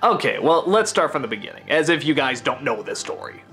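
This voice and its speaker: A man giving an enthusiastic film review, gushing and rambling with animated asides. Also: medium pitch, brisk, faint music behind.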